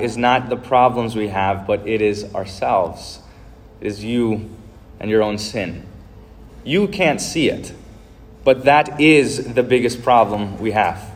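A man's voice: medium pitch, a little hiss or hum. A male pastor giving a sermon, speaking earnestly and directly to his congregation.

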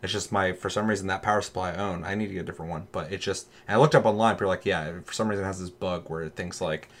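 A man with a lowish voice talks in a loose, casual chat. Full of lively energy, he swears often and slips into quick mock voices while telling his stories.

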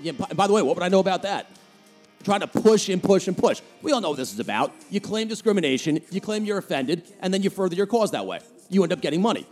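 A man from New Jersey with a New Jersey accent, hosting a solo podcast and ranting sarcastically about the news. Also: sits high. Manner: sarcastic, heated, mocking. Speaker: podcast host. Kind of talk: opinionated solo podcast rant.

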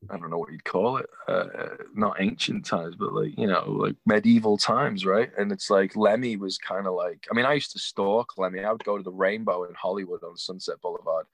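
A young man telling a rambling, animated anecdote with laughs, acting out the voices of the people in it. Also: fairly low pitch, normal speed, gravelly, dry recording. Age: young adult. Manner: acts out quoted voices. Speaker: guest. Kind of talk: casual storytelling.

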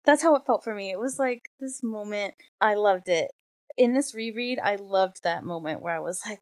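A woman co-hosting a casual book discussion, retelling scenes with animated enthusiasm. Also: mid-range voice, moderate pace, no room sound, poor audio. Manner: animated, gushing storyteller. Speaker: podcast co-host.

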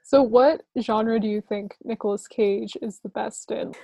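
A woman co-hosting a casual chat, asking questions and giving short agreements in a relaxed way. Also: on the high side, a little slow, creaky, no room sound, low-quality recording.

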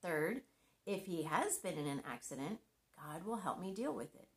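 A middle-aged woman speaks in a fairly low voice, giving a scripted devotional talk on marriage. She sounds earnest and conversational, with gentle humor. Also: sing-song, normal speed.

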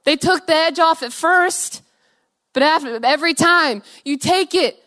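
A young woman with a high voice tells her testimony in a sermon. She speaks earnestly and with deep feeling, drops soft, then rises loud, and laughs lightly between phrases. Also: a little slow.

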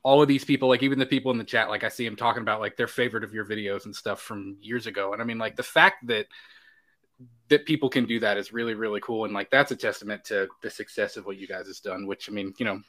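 Bright-voiced male podcast host. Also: lowish voice, steady tone, fast. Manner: upbeat, reads viewer comments aloud. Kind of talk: casual chat.

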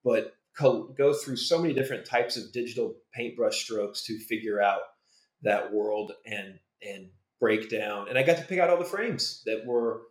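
A man's voice: lowish voice, animated, moderate pace. A man guest on a podcast telling stories about his design work, enthusiastic, with trailing restarts. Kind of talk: casual podcast interview. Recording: roomy echo.

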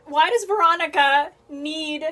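A woman's voice: high voice, a little slow, pushed and bright. A young woman co-hosting a casual chat, chatty and opinionated, laughing along.

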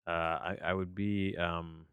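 A man with a low, smooth voice hosts his movie podcast from a home office, sounding tired and low on energy. He wanders from thought to thought, doubting himself aloud. The sound is close and dry. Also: level tone, slow, dry recording, phone-quality sound. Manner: rambling, meandering, self-questioning. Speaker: podcast host and movie reviewer. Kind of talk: casual solo podcast monologue.

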